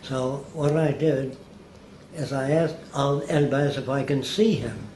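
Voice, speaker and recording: A man's voice: medium pitch, unhurried, warm tone. An older man, a guest in an interview, rambling through anecdotes and acting out the people he quotes. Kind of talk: storytelling in an interview. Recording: roomy, faint background hiss.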